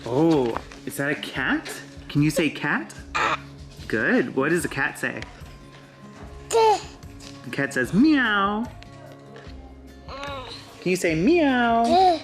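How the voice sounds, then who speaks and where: A woman's voice: sits low, big pitch swings, slow pace, faint music behind. A woman in sing-song baby talk with a toddler, coaxing and imitating animal sounds. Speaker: mother.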